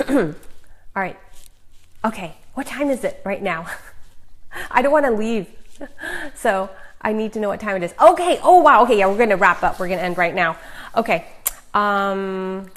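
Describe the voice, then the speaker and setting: A middle-aged woman, an author and Christian speaker, gives viewers a chatty, emphatic live talk of faith encouragement, full of fillers and quick asides. Her voice is mid-range and the recording is rough.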